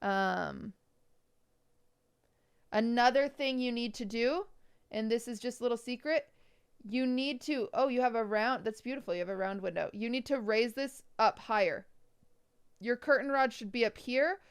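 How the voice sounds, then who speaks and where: A woman's voice: a little high, normal speed, long pauses, clear, resonant tone. A woman streamer giving blunt, teasing design critiques in a casual livestream chat. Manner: blunt, teasing, nitpicky advice. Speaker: streamer reviewing viewers' bedrooms.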